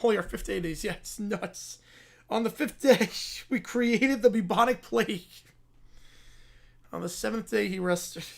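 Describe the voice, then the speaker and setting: A man with a notably high speaking voice hosts a casual livestream, tossing out incredulous comments between readings. His talk is loose and conversational. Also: unhurried, gravelly. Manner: incredulous, laughing asides. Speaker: livestream host. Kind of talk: casual live reaction chat.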